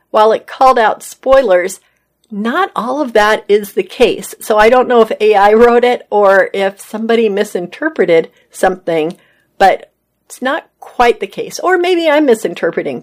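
A woman reading entertainment news articles aloud as a host, adding casual asides of her own. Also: mid-range voice. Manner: reads articles then adds casual personal comments.

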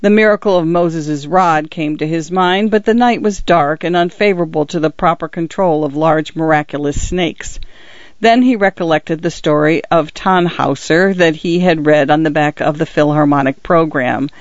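A man reads a story in a measured, steady way. His voice sits a little high. The recording is dry and slightly dull. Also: dry recording. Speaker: narrator. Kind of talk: scripted audiobook narration. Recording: dry, somewhat muffled recording.

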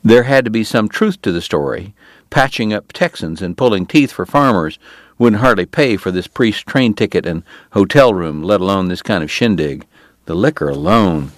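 A man narrating a historical western novel in even, measured storytelling. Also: on the low side, no room sound. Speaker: audiobook narrator. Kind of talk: scripted narration.

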